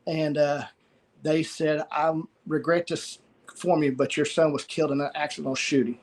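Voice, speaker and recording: A middle-aged man telling a personal story as an interview guest, halting and repeating words. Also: a little high, flat delivery.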